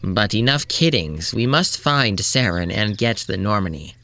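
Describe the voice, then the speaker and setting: A man's voice: on the low side, animated, measured pace, bright, forceful tone, heavily acted. A man voicing a jokey, loyal male alien comrade in a plain, earnest delivery.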